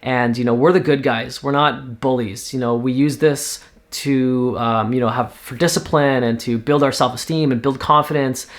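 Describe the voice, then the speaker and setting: A man from Canada casually pitching a TV series, talking in a rambling way with lots of fillers. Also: fairly even intonation, moderate pace, few pauses. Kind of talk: casual spoken story pitch.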